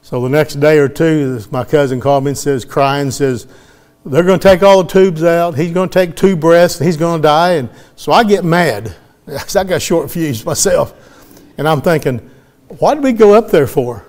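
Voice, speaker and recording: A middle-aged preacher with a drawl tells a testimony from the pulpit in a folksy way. His voice sits a bit high for a man. He slips into the voices of the people he quotes. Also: normal speed, darkish tone. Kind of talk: sermon testimony.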